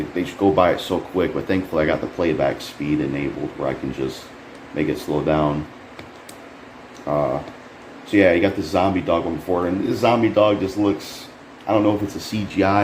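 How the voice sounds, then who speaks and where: A man with a very deep voice rambles through a casual, swear-heavy trailer reaction. He sounds frustrated and spikes upward in disbelief now and then. The room is echoey, with a faint air conditioning hum behind him. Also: darkish tone. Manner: frustrated, rambling, swears a lot, bursts up in pitch when incredulous. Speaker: YouTuber reviewing a trailer. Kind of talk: casual profane commentary.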